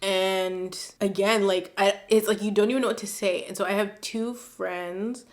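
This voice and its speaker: A woman vlogger chatting casually and emotionally about viewer letters, teary and expressive, with lots of fillers. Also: medium pitch, normal speed. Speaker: advice vlogger.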